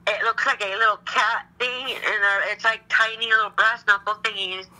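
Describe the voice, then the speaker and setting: Bright, anxious, rambling young woman. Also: on the high side, fairly even intonation, normal speed, rough recording. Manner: rambling, anxious, repeats herself; swears casually. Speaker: caller. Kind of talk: recorded phone call.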